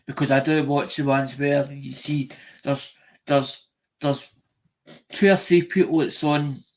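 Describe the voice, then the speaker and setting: A man's voice: a little high, steady tone, unhurried. A man with a Scottish accent chatting casually on a live stream, rambling and often restarting and repeating himself.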